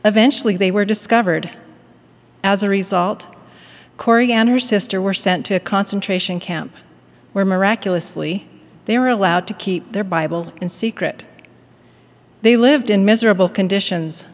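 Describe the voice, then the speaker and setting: Earnest woman in a reverberant hall. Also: mid-range voice. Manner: measured, earnest, storytelling. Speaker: devotional speaker at a university. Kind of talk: prepared devotional address with a read-aloud story.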